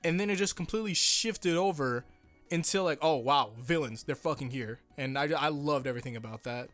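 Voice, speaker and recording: Young male anime reviewer, slightly high voice, rambling and profane, over faint background music. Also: fairly quick. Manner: excitable, rambling, heavy swearing. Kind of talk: casual episode review.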